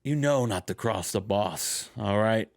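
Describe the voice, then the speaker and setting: A man doing a low, menacing wrestling boss. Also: unhurried, gravelly. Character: domineering older male wrestling boss.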